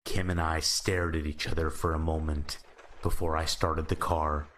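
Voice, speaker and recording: A man narrating horror stories in a slow, measured, calm scripted style. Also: a bass voice, slight background noise.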